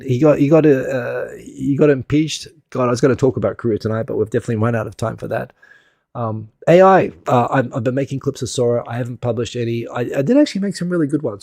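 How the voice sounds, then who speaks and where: Gravelly, husky man rambling on a stream. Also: medium pitch, darkish tone, dry recording, studio quality. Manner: rambling, self-deprecating, laughs often. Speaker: live stream host. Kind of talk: casual live stream commentary.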